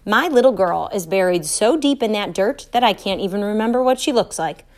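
A gruff, sarcastic father who grumbles in disgust, as a woman reader puts him on. It is a storybook voice at a slightly raised pitch. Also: animated, brisk, close to an everyday voice. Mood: grumbling.

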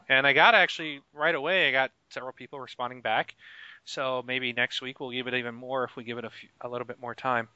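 A man's voice: medium pitch, fairly even intonation, fast talker, bright, forceful tone, clean tone, no echo. A man hosting a casual gaming podcast, chatty and laughing often. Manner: chatty and laughing, with frequent fillers. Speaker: podcast host. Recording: dry, slightly muffled home mic.

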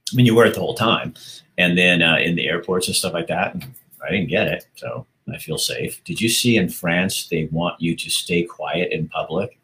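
A man with a deep, low voice hosts a casual livestream. He reads comments aloud in a loose, chatty way and laughs easily between them. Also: sharp tone. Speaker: livestream host reading viewer comments. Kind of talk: casual live-stream chat.

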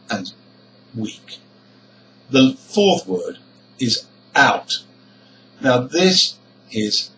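A man teaching English pronunciation, explaining each point slowly and deliberately. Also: medium pitch, bright, forceful tone, far from the mic, a little hiss or hum, poor audio. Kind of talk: slow explanatory lesson.

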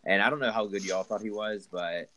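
A man's voice: lowish voice, steady tone, brisk, pushed and bright, slight background noise, poor audio. A young man hosting a casual sports talk show, who rambles and restarts his sentences as he talks. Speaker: podcast host.

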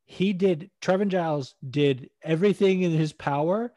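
A man's voice: on the high side, normal speed, warm tone, no echo. A man co-hosting a casual podcast, rambling about fights with frequent swearing and laughter. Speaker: podcast co-host. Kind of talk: casual MMA podcast chat.

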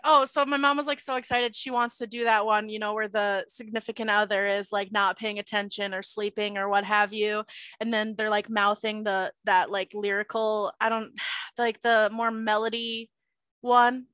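Bright, dry-voiced young woman podcaster. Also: mid-range voice, level tone, moderate pace, smooth, no room sound. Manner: gossipy, exasperated storytelling. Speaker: podcast co-host. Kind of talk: casual chat.

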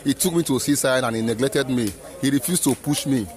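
A man's voice: medium pitch, fairly quick. A Nigerian man with a Nigerian accent describing his migration journey in an interview, speaking earnestly and sometimes repeating himself. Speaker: returned migrant. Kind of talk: interview testimony. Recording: outdoor crowd noise behind.

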